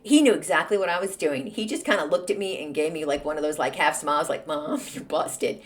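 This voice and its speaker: Snarky woman host in her forties, animated storyteller whose pitch moves a lot. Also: fast talker. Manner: snarky, animated, acts out quoted voices. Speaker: podcast host. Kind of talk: casual storytelling monologue.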